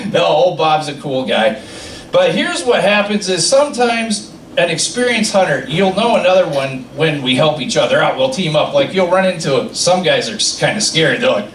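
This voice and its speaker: A man's voice: a little high, sing-song, normal speed, a bit bright, recorded from a distance, a little hiss or hum. A man doing a stand-up comedy set, telling rambling stories and laughing at his own jokes. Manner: rambling, self-amused storytelling. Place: comedy club stage. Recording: roomy club sound from off mic.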